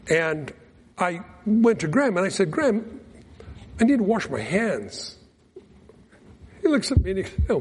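A man preaching a sermon, telling a folksy mission story with lively acted-out quotes. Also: sits high, slightly rough. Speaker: pastor. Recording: long reverb of a large hall.

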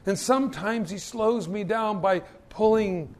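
A man's voice: high voice, a little slow. A male pastor preaching a sermon, telling stories with self-mocking humor and stammered restarts.

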